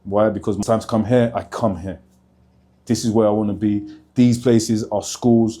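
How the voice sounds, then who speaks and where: A man in his forties, a motivational speaker, talking fast and fired up to camera in a vlog. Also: fairly low pitch, steady tone, mellow, slight background noise. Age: 40s. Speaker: motivational speaker, channel host. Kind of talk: energetic vlog talk to camera.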